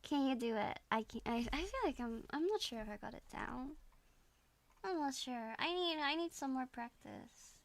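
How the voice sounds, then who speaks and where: A woman's voice: sits high, animated, moderate pace. A woman from the Netherlands with a Dutch accent, chatting casually and giggling on a reaction stream.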